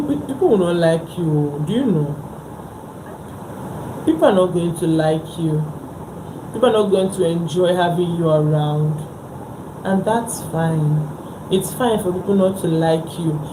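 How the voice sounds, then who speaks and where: A woman giving a motivational live talk. She speaks in a lowish voice and drives each point home by repeating short phrases. The sound is roomy and echoey, with steady background noise. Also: measured pace, pauses often. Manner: emphatic, repeats phrases for stress. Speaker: livestream host.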